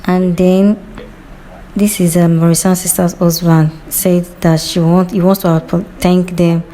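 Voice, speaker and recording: Female narrator, low and mellow, casual storytelling recap voice. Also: flat delivery, measured pace, a little hiss or hum. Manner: chatty retelling, quoting characters' lines.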